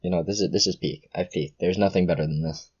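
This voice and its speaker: A young man hosting a casual podcast chat, an excitable storyteller who gushes with exclamations. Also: low voice, fast talker, slightly rough, highs cut off. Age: young adult. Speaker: podcast host.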